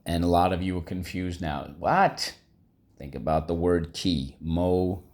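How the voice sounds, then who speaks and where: A man's voice: low-pitched, steady tone, a little slow, darkish tone. A man teaching a vocabulary lesson, upbeat and coaxing, repeating each word for students to echo.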